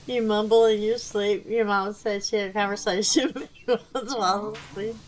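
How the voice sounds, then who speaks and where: Chatting casually while playing, a woman who hosts a gaming channel rambles through a story and laughs frequently. Her mid-range voice is darkish, fairly even in intonation and moderately paced, on a rough recording with slight background noise.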